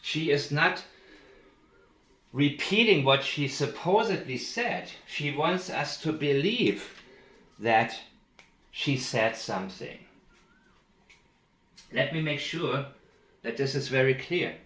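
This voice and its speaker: A man commenting on interview clips, speaking in a deliberate, emphatic way and repeating key phrases. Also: mid-range voice, expressive, a bit bright, echoey room. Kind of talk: analytical commentary with played clips.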